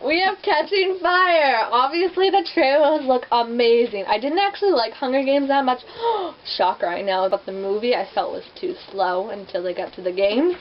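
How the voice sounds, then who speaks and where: A woman's voice: a little high, expressive, a little fast, few pauses. A young woman reviewing movie adaptations in a casual vlog, chatty and rambling, full of "like" fillers. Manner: chatty, rambling, heavy use of "like". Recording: dull lo-fi with faint hiss.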